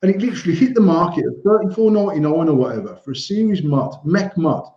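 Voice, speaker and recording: A man co-hosting a casual podcast chat, animated and swearing, laughing often. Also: on the high side, quick pace. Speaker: podcast co-host. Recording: roomy, dull lo-fi sound.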